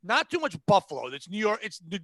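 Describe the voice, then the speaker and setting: High bright-voiced ranting man. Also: wildly swooping pitch, fast, no echo. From Connecticut. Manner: profane, exasperated ranting about customers. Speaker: podcast host. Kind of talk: casual ranting chat.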